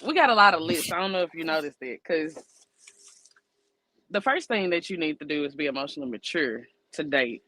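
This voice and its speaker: A woman's voice: deep voice, lively intonation, a little fast, bright, forceful tone, poor audio. A woman co-hosting a casual podcast, giving blunt, emphatic opinions laid out as numbered points. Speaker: podcast co-host.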